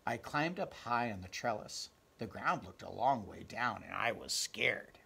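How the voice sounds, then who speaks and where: Slow, gravelly man reading a storybook. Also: on the low side, expressive, bright, forceful tone. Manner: clears throat, asks listeners direct questions, counts slowly. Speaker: storybook reader. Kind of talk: reading a children's book aloud.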